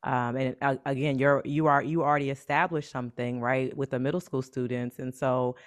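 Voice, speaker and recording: A woman's voice: very deep voice, level tone, brisk. A woman hosting an interview podcast, encouraging her guest with frequent affirmations. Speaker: podcast host and mentor.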